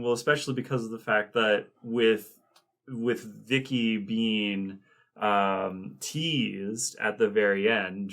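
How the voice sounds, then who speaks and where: A man co-hosting a podcast, chatting casually and retelling movie scenes in a rambling, animated way. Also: on the low side. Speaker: podcast co-host. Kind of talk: casual chat.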